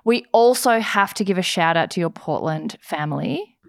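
A woman's voice: on the low side, animated, moderate pace, vocal fry, dry recording, studio quality. A young woman, co-hosting a podcast, teasing her friend and laughing often. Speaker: podcast co-host. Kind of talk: casual chat.

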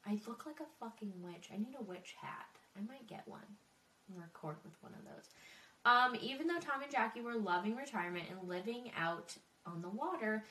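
Her voice is a little high and a bit bright, picked up reverberantly by a distant desk mic. On her true crime podcast she's chatty and swears frequently, breaking into emotional, tearful asides.

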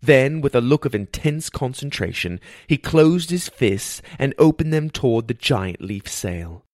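A man narrating a first-person fantasy audiobook in a steady storytelling read. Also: medium pitch, measured pace, no room sound, studio quality.

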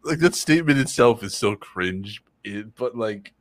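A man's voice: lowish voice, expressive, a little slow, dry recording. A man co-hosting a casual chat, rambling and swearing freely, often laughing. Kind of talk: casual banter.

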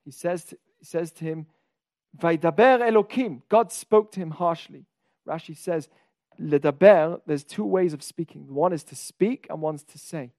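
High-voiced man teaching a Torah class. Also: normal speed, mellow, no room sound, studio quality. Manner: questions the listeners and stresses key words.

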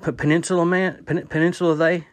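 A man's voice: a little high, little pitch movement, fast, heavy background noise. A man rambling through a comic voice message to a podcast host, stammering, repeating himself and contradicting his own jokes. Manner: absurd self-contradicting asides. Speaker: listener sending a voice message to a podcast. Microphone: phone voice recorder.

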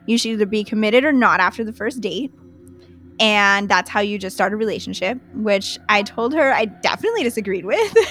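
A young woman telling a dating story in a chatty, animated way, full of fillers. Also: fairly high pitch. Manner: chatty, full of "like" and "you know"; animated, laughs while telling. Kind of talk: casual storytelling.

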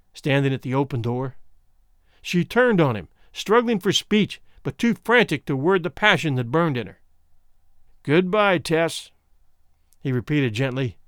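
A man narrating a short story as an audiobook, measured and expressive. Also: a little high, no echo, studio quality.

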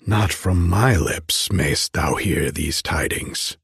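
An ancient, withered crone, as a male storyteller puts her on speaks in slow, archaic, commanding phrases. Her voice sits deep and very husky. The storybook recording is dry and close. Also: fairly bright tone, no room sound, full character voice. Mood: ominous. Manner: slow, archaic, ominous speech.

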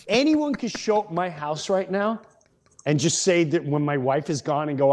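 A middle-aged man hosting a podcast, telling a comic story in a casual, animated way and acting out the other people in it. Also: on the high side, moderate pace. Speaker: podcast host.

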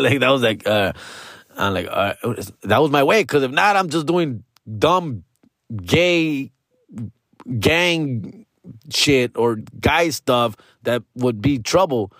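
A man's voice: mid-range voice, sing-song, a little slow, a bit bright, dry recording, clean studio sound. A man, a comedian telling stories casually, full of slang and profanity and acting out the voices of people he quotes. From Los Angeles area. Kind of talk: casual storytelling.

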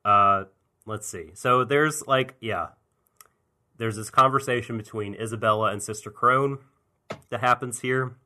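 Bright-voiced man recapping an anime. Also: medium pitch, a little slow. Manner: joking, steering the recap. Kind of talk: casual podcast chat.

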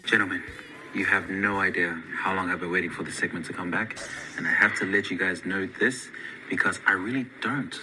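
A man with a very low, deep voice, delivering a listener voice memo. His tone is hard and forceful, and he talks in emphatic, drawn-out declarations. Faint room ambience sits behind him. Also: slight background noise, low-quality recording.

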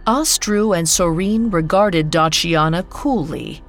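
A woman narrates a fairy tale in a measured, unhurried way, her voice sitting low. The delivery is slow and steady, like scripted storytelling. Faint music plays beneath her.

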